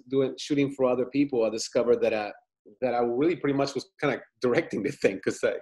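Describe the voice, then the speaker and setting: A man being interviewed about his filmmaking, talking in a rambling, animated way and acting out what people said. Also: medium pitch. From Italian family, lives in United States. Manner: rambling, animated, acts out quotes. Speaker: filmmaker guest. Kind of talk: casual interview storytelling.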